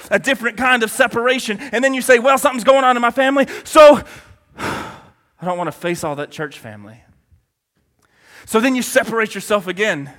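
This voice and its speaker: A man preaching a sermon with a very high voice. His tone is bright and forceful, and he drives his points home with emphatic rhetorical questions to the congregation. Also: big-room sound.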